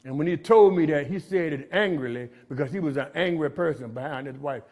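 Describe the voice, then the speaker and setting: Brisk and fairly high-pitched with a darkish tone, a middle-aged man tells inmates in a jail meeting room about his recovery. His testimony is streetwise and preachy, with everyone called "man."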